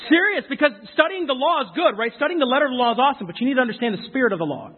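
A young man giving an informal, chatty speech to a live audience, telling stories earnestly and with emphasis. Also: extremely high pitch. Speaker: speaker addressing a youth audience. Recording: tinny phone-like sound.

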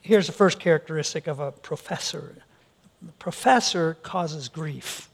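A man's voice: a little high, measured pace, creaky. A male pastor preaching a sermon, earnest, often repeating words as he restarts his sentences.

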